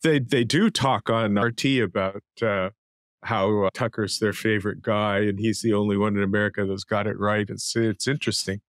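A man's voice: lowish voice, fairly even intonation, normal speed, no echo, clean studio sound. A man hosting a casual talk show, presenting items and pushing back with pointed questions. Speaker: host.

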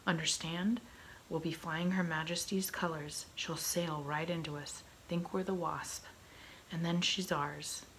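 A woman's voice: low voice, fairly even intonation, unhurried, a bit bright, slight background noise, poor audio. A woman whispering a vain, short-tempered male pirate captain in a whispered role-play. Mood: gruff.

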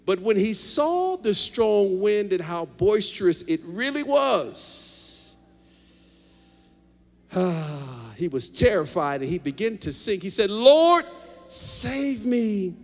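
A man preaching a lively sermon as pastor, joking with the congregation in a large church. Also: high voice, slow. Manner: animated preaching, jokes with the congregation. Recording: long hall reverb.

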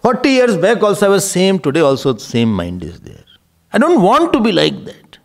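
A man delivers a spiritual discourse, his voice pitched high and swinging widely up and down. There is a gravelly edge to his tone, and he keeps posing rhetorical questions and chuckling. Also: huge pitch swings, normal speed. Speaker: spiritual teacher.

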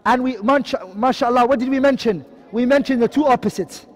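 A man teaches a tajweed lesson with a very high voice and a brisk pace. He rattles off Arabic terms, explains them in English, and keeps asking questions that he then answers himself. His voice rings with a long reverb. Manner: quizzing, asks and answers his own questions. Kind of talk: online lesson.

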